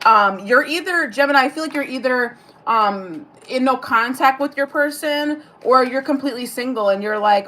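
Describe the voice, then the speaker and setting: Chatty, higher-voiced woman reading tarot. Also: moderate pace, few pauses, bright, forceful tone, a little hiss or hum. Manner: chatty, swears freely, answers viewer comments aloud. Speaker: tarot reader. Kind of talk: casual live-stream tarot reading.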